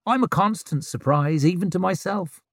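A man's voice: high voice, normal speed, dry recording, studio quality, pitched above the performer's own voice. A man voicing a brash young woman chieftain who needles and teases in a cheeky, mocking way.

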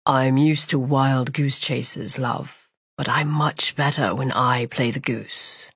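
A woman's voice: extremely low pitch, steady tone, slow, fairly bright tone, breathy edge, no room sound, voice pushed down, heavily acted. A woman voicing a cold, mocking male villain with a French accent in an audiobook. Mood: menacing.

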